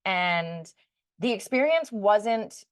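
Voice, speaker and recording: A woman's voice: medium pitch, expressive, takes it slowly, dry recording, clean studio sound. A woman co-hosting a podcast, earnestly telling a personal story and acting out the remembered dialogue in casual chat. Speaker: podcast co-host.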